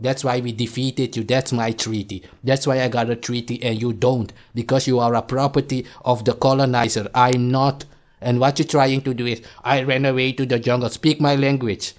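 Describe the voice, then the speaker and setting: A man's voice: medium pitch, a little mellow. A man from Suriname, delivering a heated, insulting reaction rant. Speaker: commentator.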